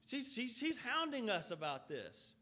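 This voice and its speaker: A man's voice: extremely high pitch, huge pitch swings, unhurried, pushed and bright. A man preaching a sermon, reading scripture aloud and explaining it earnestly, with runs of rhetorical questions. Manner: reads scripture aloud and then explains it in plain talk.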